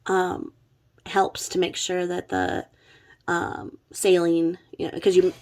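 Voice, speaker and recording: A woman's voice: lowish voice, fairly even intonation, a little slow, darkish tone. A woman who is sick with covid, talking in a chatty, blunt, rambling way and swearing freely. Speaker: true crime commentary host. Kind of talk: casual rambling commentary.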